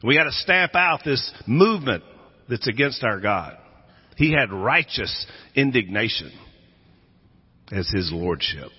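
A man's voice: medium pitch, big pitch swings, unhurried, pauses often, husky. A male pastor giving a sermon, telling Bible stories dramatically and acting out the voices in them. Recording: echoey hall, dull lo-fi sound.

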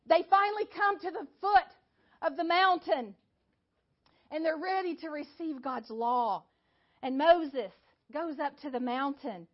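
A woman delivers a sermon in a very high, bright-sitting voice, spinning a story and pressing home rhetorical questions. The recording sounds dull and lo-fi. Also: measured pace. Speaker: Bible teacher.

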